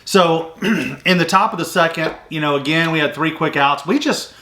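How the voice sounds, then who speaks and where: A man hosting a sports recruiting show, casually recapping a softball game play by play with lots of fillers. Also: fairly high pitch, normal speed, crowd noise. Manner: chatty, recounts plays step by step with fillers.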